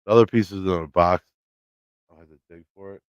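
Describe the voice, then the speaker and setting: A man's voice: sits low, steady tone, brisk, clear, resonant tone, dry recording, dull audio. A man hosting a casual live stream from his home, telling a story in a loose, swearing way and acting out the lines of the people in it. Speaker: livestream host. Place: home, by his laundry room.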